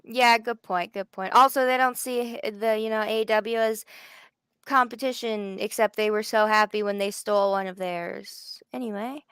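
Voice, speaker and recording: A woman's voice: medium pitch, steady tone, moderate pace, fairly bright tone, clean tone, dry recording. A woman from Canada co-hosting a live wrestling watch party, chatting casually, laughing often and trailing off mid-thought. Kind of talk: casual live-stream chat.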